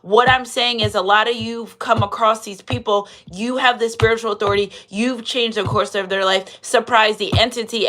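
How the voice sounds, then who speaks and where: A woman's voice: mid-range voice, a bit bright. A woman giving a live tarot reading. She preaches, quotes scripture and repeats her phrases. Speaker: tarot reader.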